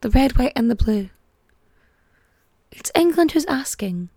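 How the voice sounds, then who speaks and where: A woman hosting a casual history podcast, chatty and irreverent, full of filler words and cheerful swearing. Her voice sits fairly high and swoops a lot, with a gravelly fry, recorded close and dry. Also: animated, a little slow, mellow, no room sound. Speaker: podcast host.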